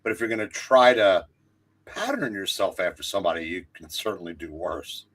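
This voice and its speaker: Low voiced guy, bouncy intonation, chiming in from further back from the mic. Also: expressive, brisk, a bit bright. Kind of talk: casual live review chat.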